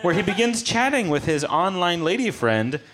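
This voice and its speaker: A man's voice: high voice, very animated, normal speed. A man narrating a comedy scene, amused and often laughing mid-line. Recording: noisy recording.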